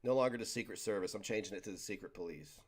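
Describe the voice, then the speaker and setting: A man's voice: lowish voice, rapid-fire, slightly rough. Rambling, joking man chatting on stream. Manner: rambling, joking, stumbles over words. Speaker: livestream host reading chat. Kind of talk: casual livestream chat.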